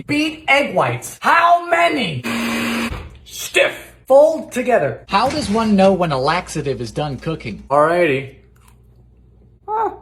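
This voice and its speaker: A man hosting a comic cooking show, talking sarcastically through recipes in his home kitchen and bursting into loud exclamations. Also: on the high side, slight background noise.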